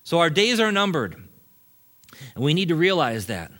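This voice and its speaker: In a church sanctuary, a middle-aged pastor preaches an animated sermon, switching between loud, emphatic points and quiet asides with brief chuckles. His voice is a little high, and he speaks at normal speed.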